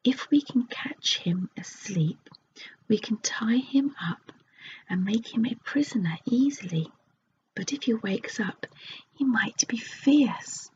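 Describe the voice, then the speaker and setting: A woman's voice: on the high side, expressive, slow pace, a little mellow. Goldilocks, a woman whispering a brave little girl. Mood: cautious. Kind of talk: whispered role-play. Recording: dull lo-fi recording with faint hiss.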